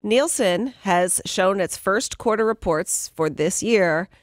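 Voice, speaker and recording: A woman's voice: medium pitch, slow, dry recording, studio quality. Upbeat woman reading radio news. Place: radio studio. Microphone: studio mic.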